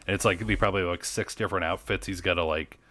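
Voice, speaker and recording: A man's voice: low-pitched, fairly even intonation, very fast, bright, forceful tone, dry recording. A man co-hosting a podcast in casual, rambling chat, often saying "like". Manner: chatty, rambling, heavy use of "like". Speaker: podcast co-host.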